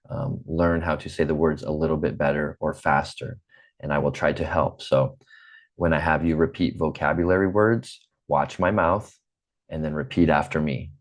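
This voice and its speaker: A man in his forties with a General American accent, teaching an online English class slowly and patiently, repeating himself, over a computer mic on a video call. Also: rumbling low. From United States. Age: 40s.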